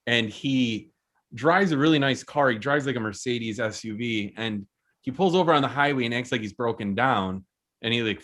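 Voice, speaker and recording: A man hosting an online open mic, chatting casually and rambling before he introduces the next act. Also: medium pitch. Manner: rambling, relaxed, trails off and restarts. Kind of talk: casual emcee chat.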